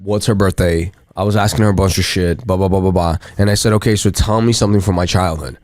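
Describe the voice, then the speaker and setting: A man with a lowish voice tells stories in a relaxed, chuckling manner. He sits close to a dry studio mic that has no room sound. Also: fast, dry recording. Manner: laid-back, chuckling storyteller. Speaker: podcast co-host. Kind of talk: casual storytelling.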